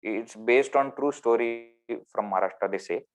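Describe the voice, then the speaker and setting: An Indian English man gives a spiritual talk over a video call. He is animated and keeps asking his listeners rhetorical questions. His voice moves between loud emphasis and near-quiet asides. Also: medium pitch, moderate pace, soft background music. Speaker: spiritual teacher. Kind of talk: spiritual discourse.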